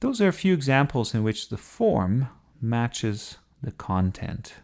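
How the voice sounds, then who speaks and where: A man's voice: mid-range voice, sing-song, measured pace, creaky, a little mellow. A man teaching literature in a conversational lecture style, asking rhetorical questions as he explains a poem. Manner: conversational, asks rhetorical questions, occasional laughs.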